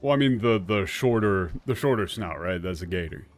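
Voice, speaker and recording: A man's voice: lowish voice, lively intonation, a little fast, soft background music. A man streaming a video game, chatting casually in a rambling way and laughing often. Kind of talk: casual gameplay commentary.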